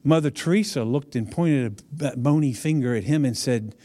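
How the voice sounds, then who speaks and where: A man's voice: mid-range voice, moderate pace, dark tone. A man preaching a casual, conversational sermon, chatty and humorous, speaking directly to his audience.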